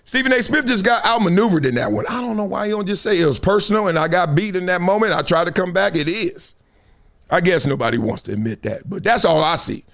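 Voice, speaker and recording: Animated high-voiced man talking sports. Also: fast. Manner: emphatic, slangy, storytelling. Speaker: sports talk show host. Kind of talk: animated sports commentary chat.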